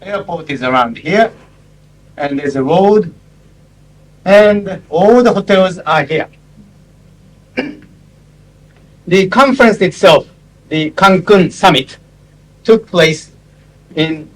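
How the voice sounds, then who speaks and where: Man, 50s, classroom lecture, halting and explanatory, slightly higher voice. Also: expressive, poor audio. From Japan. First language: Japanese. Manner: explanatory, halting, with frequent pauses and asides. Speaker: lecturer on interpreting. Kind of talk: classroom lecture with visual aids.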